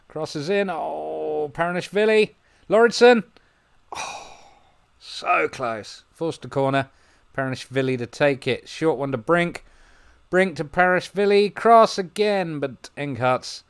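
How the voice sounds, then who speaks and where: A man commentating on his football management game, musing quietly and then breaking into excited play-by-play. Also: on the high side, clean tone. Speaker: gaming video host. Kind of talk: gameplay commentary.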